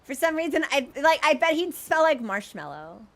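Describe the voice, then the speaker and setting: A woman's voice: high-pitched, very animated, normal speed, vocal fry. A young woman streaming a video game, chatting in a playful, giggly, rambling way. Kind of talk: casual gaming stream chat.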